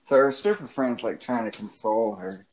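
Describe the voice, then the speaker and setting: Male podcast co-host, relaxed amused recapper, mid-pitched voice. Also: moderate pace, slight background noise, low-quality recording. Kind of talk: casual movie review chat.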